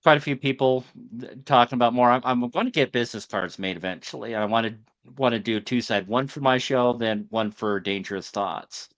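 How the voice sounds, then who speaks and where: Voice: medium pitch, brisk, few pauses, no room sound. A podcast co-host chatting casually and agreeably. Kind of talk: casual chat.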